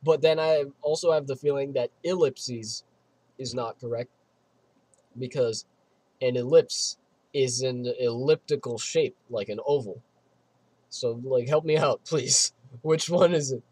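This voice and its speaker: Male streamer, husky voice, mid-range pitch; playful rambling commentary while reading a visual novel aloud. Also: measured pace, a little mellow, no room sound. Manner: playful, giggly, rambling asides. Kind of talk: casual let's-play commentary, reading game text aloud. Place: home streaming setup.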